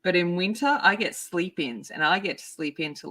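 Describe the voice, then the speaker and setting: A woman hosting a coloring livestream, chatting casually and excitedly greeting her viewers by name. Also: on the low side, moderate pace, few pauses. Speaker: art livestream host.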